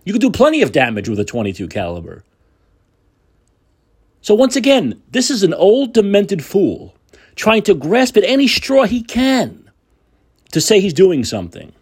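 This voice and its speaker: A man's voice: sits high, wildly swooping pitch, normal speed, pauses often, a little mellow, breathy edge. A man hosting a political talk show, delivering a combative, sarcastic monologue with profanity. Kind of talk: opinionated monologue.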